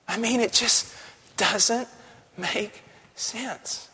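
A male pastor preaching a sermon, passionate, dropping to a hush and then rising to a shout. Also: high voice, expressive, slow pace. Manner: impassioned, swings from hushed to shouting. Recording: long hall reverb.

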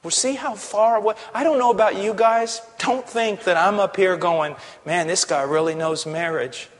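A male pastor preaching a sermon, passionate, dropping to a hush and then rising to a shout. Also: high voice, moderate pace. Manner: impassioned, swings from hushed to shouting. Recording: long hall reverb.

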